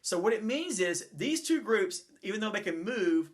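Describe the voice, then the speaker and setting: A man with a somewhat high voice gives a chemistry lesson at the chalkboard. He rambles and corrects himself as he goes, talking through his drawings and models in a loose, unscripted way. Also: big pitch swings, moderate pace. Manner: rambling, self-correcting, talks while building models. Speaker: chemistry teacher. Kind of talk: classroom lecture with chalkboard and models.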